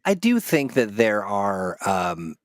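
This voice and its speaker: A man's voice: on the low side, very animated, takes it slowly, no echo, studio quality. A man hosting a casual interview over a video call, chatty and restarting his sentences often. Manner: chatty, with frequent restarts and fillers. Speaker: host.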